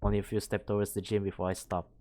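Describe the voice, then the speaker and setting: A man from Malaysia, a streamer reading a visual novel aloud in a steady manner. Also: fairly low pitch, rapid-fire. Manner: reads narration steadily, breaking off to laugh and comment. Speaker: VTuber streamer.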